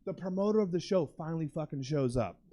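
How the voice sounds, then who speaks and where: A young man doing a stand-up comedy set on a club stage, telling a profane, animated story and bursting into shouted impressions. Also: fairly high pitch, fast talker.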